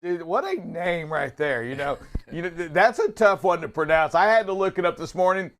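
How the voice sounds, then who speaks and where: Upbeat man, high voice, chatty live-show co-host. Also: a little fast, background noise. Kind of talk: casual live-stream chat.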